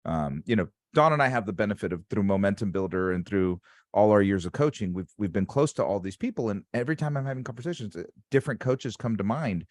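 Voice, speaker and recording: Man, sales coach host, lower voice, very lively pitch, emphatic motivational chat. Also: quick pace, no echo. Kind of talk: casual interview chat.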